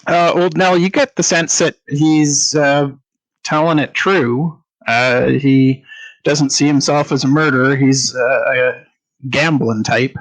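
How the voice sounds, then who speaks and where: Slow, halting man running a game. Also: mid-range voice, fairly even intonation, low-quality recording. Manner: halting, many fillers. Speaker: game master. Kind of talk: narrating a tabletop game.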